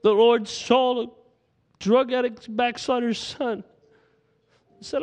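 A man's voice: very high voice, little pitch movement, takes it slowly, a little mellow. A man preaching a sermon, passionately reciting scripture aloud to his congregation.

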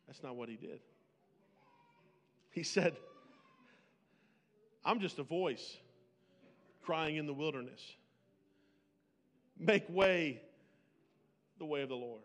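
A man preaching a sermon, swinging between loud, pleading bursts and hushed, slow lines. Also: fairly high pitch, lively intonation, big-room sound. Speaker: pastor.

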